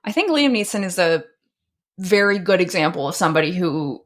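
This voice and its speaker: A woman co-hosting a podcast in casual, unfiltered chat. Her voice sits slightly low for a woman, and she talks bluntly, gushing and swearing freely. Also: big pitch swings, a little fast. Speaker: podcast co-host.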